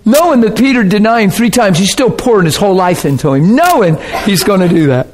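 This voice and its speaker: A male preacher delivering a sermon in a conversational, earnest tone. His voice sits a little high for a man, and he keeps turning to the crowd to ask if they follow. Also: animated, a little fast, slight background noise. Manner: earnest, conversational, often checks in with the audience.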